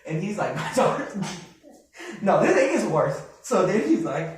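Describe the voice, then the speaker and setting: A man in his late twenties telling a story in a casual podcast chat, animated and laughing as he goes. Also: high voice, measured pace. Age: late 20s. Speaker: podcast co-host. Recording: very echoey room, mic at a distance.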